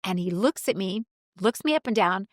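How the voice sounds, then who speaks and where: A middle-aged woman co-hosting a podcast, chatting casually and telling an animated story with acted-out quotes. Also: medium pitch, normal speed, no room sound, studio quality. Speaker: podcast co-host. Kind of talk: casual chat.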